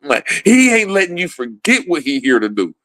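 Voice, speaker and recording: A man's voice: a little high, big pitch swings, moderate pace, fairly bright tone, no room sound. A man ranting casually about politics, swearing a lot and laughing often between points. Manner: profane, rambling, laughs often.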